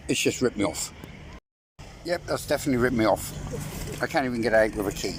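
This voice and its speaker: A man's voice: mid-range voice, a little fast, pauses often, slight background noise. A middle-aged man giving a casual walking tour outdoors, talking to his viewers with chatty, wry asides. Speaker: travel vlogger. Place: outdoors, walking through town streets and a park.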